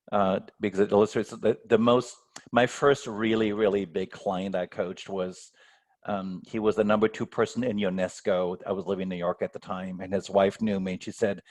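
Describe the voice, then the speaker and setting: A man's voice: lowish voice, darkish tone. Man coaching on a video call. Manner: thoughtful, repeats words when starting sentences. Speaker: guest speaker and coach. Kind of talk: online workshop Q&A.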